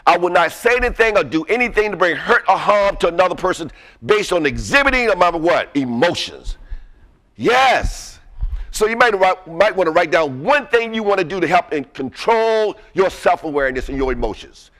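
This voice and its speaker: A man's voice: high voice, very animated, normal speed, fairly bright tone. A man giving an interactive motivational lecture, energetically quizzing the audience with fill-in questions. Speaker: workshop presenter.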